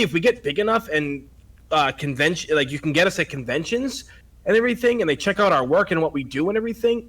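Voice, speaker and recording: A man's voice: on the high side, a bit bright, recorded from a distance. A man with a Boston accent, co-hosting a casual podcast chat, joking and rambling. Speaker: podcast co-host.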